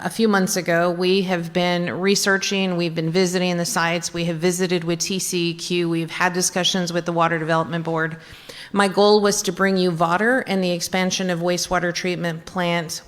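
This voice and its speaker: City manager lady talking to council, kinda flat and lowish, echoey chamber. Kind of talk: formal remarks at a council meeting.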